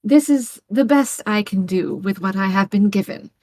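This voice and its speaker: A woman's voice: mid-range voice, normal speed, warm tone, no echo, natural voice. Woman playing a formal captain, prim and evasive, tabletop game. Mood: reassuring.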